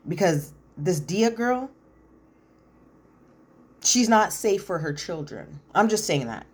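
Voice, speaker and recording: Blunt, opinionated woman recapping reality TV. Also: deep voice. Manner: blunt, opinionated, acts out quotes. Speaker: reality TV commentator. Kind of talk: casual recap commentary.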